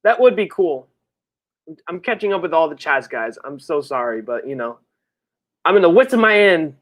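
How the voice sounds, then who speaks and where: Excitable, rambling livestream chatter. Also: normal speed. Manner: excitable, jumps to high excited bursts; rambling, slangy, full of fillers. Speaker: livestreamer and comic creator. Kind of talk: casual livestream chat, reading viewer messages.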